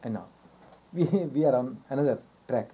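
A man lecturing on yoga philosophy in a voice of ordinary pitch. He talks in repeated, circling phrases and asks questions of his listeners, with soft chuckles. The recording sounds dull and lo-fi. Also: expressive, normal speed, husky. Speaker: yoga teacher.

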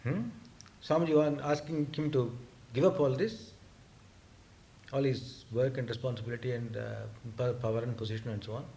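An older man recounting memories of his teacher in a spoken talk, hesitant, with frequent fillers, and animated when he quotes others. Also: medium pitch, moderate pace, slight background noise. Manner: hesitant storytelling with many fillers, acting out quoted speech. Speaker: speaker recounting memories of a guru.

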